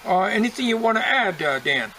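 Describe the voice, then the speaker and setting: Older male host, folksy and rambling, high bright voice. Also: big pitch swings, fairly quick, a little hiss or hum, low-quality recording. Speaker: channel host. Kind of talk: casual chat to viewers.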